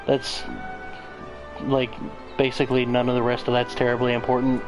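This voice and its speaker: A man's voice: mid-range voice, completely flat delivery, moderate pace, over music, rough recording. Profane rambling gamer man. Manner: rambling, profane, joking asides. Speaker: let's play host. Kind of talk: casual gameplay commentary.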